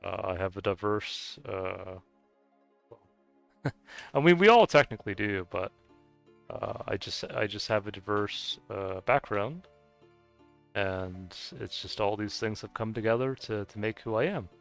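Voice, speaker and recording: A man's voice: on the low side, animated, measured pace, fairly bright tone, soft background music. An American man with a Scottish-sounding accent, chatting casually and rambling hesitantly while streaming a game, laughing often. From United States. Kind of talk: casual chat while gaming.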